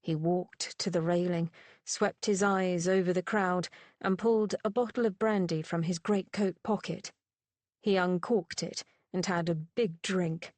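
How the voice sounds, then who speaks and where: A woman's voice: fairly low pitch, fairly even intonation, measured pace, darkish tone, no echo. Woman narrating a novel, dry and close. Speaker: audiobook narrator. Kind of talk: scripted narration.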